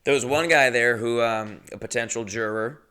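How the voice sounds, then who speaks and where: A man's voice: mid-range voice, moderate pace, bright, forceful tone, clean tone. A man telling a casual, rambling story in a profane, jokey way. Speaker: podcast host telling a story.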